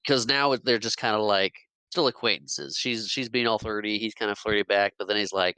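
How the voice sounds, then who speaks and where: A man's voice: fairly low pitch, fairly even intonation, normal speed, pushed and bright, smooth, no room sound. A man co-hosting a podcast about a film, chatting casually, giving short agreements and laughing often. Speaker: podcast co-host. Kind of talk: casual movie discussion.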